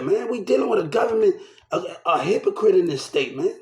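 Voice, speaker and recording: A man's voice: sits high, big pitch swings, brisk, darkish tone, roomy sound, soft background music. An upset man ranting to the camera, agitated and repeating himself, shaken and swearing. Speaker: vlogger. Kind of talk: angry rant to camera.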